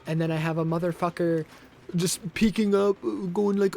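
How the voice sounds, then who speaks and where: A man's voice: sits high, steady tone, moderate pace, darkish tone. A young man streaming live gameplay, frustrated, swearing and ranting at the game. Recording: game music and gunfire behind. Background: game music and gunfire.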